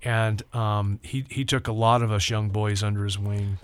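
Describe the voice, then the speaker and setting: An older man, a pastor, telling a personal story in casual talk, acting out voices with lively rising pitch. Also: normal speed, clean tone, dry recording. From Southern California. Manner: animated, acts out quoted voices with rising pitch.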